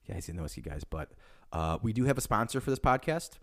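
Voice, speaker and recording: Young man, very fast, lively swooping pitch, profane, rambling podcast co-host. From Chicago. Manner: rambling, profane, self-deprecating. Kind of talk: casual chat.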